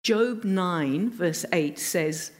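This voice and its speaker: A woman preaching a sermon, telling a story expressively with emphatic pauses. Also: on the low side.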